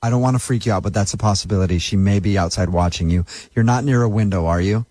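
Man, radio prank host, mock-serious urgent delivery, slightly low voice. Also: fast, mellow, no echo. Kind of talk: phone prank call.

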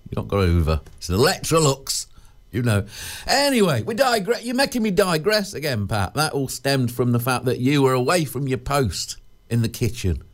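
A man's voice: mid-range voice, sing-song, moderate pace. A man hosting a radio show, rambling and digressing in jokey chatty patter. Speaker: radio presenter. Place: radio studio.

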